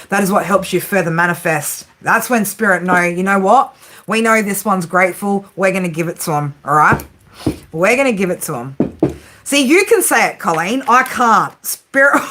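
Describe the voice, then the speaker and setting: A woman's voice: fairly high pitch, a bit bright. Chatty, blunt woman giving a tarot reading. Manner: chatty and blunt, swears freely, laughs often, tags lines with "right?". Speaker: tarot reader and psychic. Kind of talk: casual spoken tarot reading to camera.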